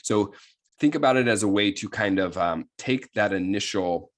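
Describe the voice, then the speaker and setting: A man's voice: on the low side, moderate pace. A man coaching on self-sabotage in a casual, rambling talk full of fillers and "right?" checks, sometimes coarse and plain-spoken. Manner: rambling, many fillers and tag questions.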